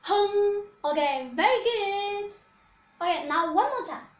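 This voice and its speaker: A woman teaching Chinese, calling out each syllable loudly, then explaining its meaning quietly in English. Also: very high-pitched, lively intonation, a little slow. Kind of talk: slow pinyin drill lesson. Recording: echoey room.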